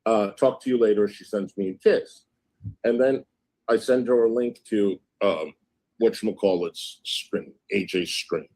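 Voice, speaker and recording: A man's voice: on the low side, measured pace, a little mellow. A man hosting a livestream, casually recounting and reading out text messages in an indignant tone. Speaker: livestream host.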